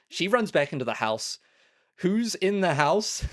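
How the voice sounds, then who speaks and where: Lively, rambling man gushing over films. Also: sits high, measured pace, no room sound, clean studio sound. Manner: enthusiastic, rambling, full of fillers. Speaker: podcast co-host. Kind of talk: casual film review chat.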